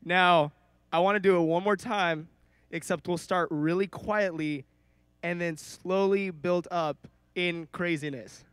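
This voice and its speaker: A man's voice: sits high, unhurried, fairly bright tone, clean tone, studio quality. A man leading an audience at a convention panel in a large hall, playful and coaxing. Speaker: panel host leading the crowd. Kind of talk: live crowd direction at a convention panel.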